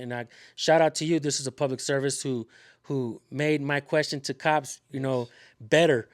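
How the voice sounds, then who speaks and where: A man's voice: mid-range voice, fairly quick. A man hosting a casual talk, rambling with many fillers and restarts. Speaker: channel host, activist. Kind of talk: casual conversation.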